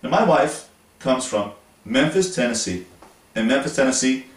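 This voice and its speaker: Slow, deliberate male host. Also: mid-range voice, expressive. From Montreal, Canada. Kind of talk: instructional talk to camera. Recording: roomy echo, voice from a distance.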